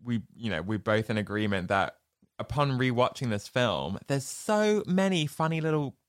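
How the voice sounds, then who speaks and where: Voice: medium pitch, expressive, moderate pace, no room sound, clean studio sound. A podcast co-host in casual chat, telling stories animatedly and laughing often.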